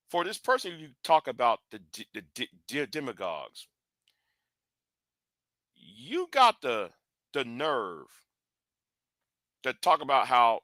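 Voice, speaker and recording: Slow, blunt man ranting on a stream. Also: mid-range voice, pushed and bright, no echo, studio quality. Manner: blunt, confrontational, with restarts and repeated words. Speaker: live stream host. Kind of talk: live stream commentary.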